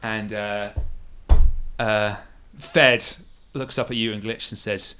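A man narrating a tabletop role-playing game as game master, descriptive and halting, with music behind. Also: on the low side, steady tone, pushed and bright.

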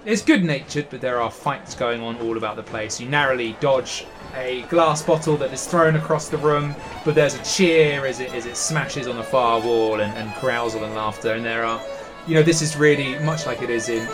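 Rambling game master, music behind. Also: male voice, medium pitch. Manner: rambling, many fillers. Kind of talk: narrating a tabletop game.

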